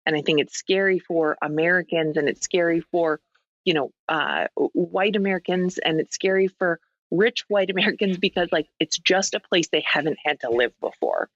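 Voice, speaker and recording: A woman's voice: on the low side, normal speed, no echo, highs cut off. A woman from Minnesota, a podcast guest, talking candidly and rambling in a casual phone conversation, laughing easily.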